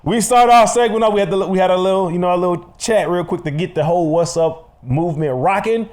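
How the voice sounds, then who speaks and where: Young guy hosting a podcast, high voice, goes off on rants, laughs a lot. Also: fast. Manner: animated, emphatic, laughs a lot. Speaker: podcast co-host. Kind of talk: casual podcast rant.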